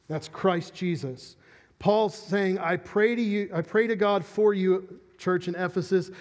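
High-voiced male pastor in a reverberant hall. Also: darkish tone. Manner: earnest teaching with frequent restarts. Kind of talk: sermon.

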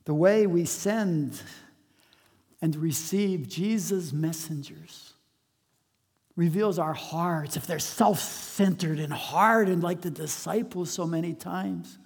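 Preacher with loud-soft swings, long reverb. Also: creaky, slightly rough. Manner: dynamic, swings between loud emphatic lines and hushed low drops; slows and stretches words for emphasis. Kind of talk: sermon.

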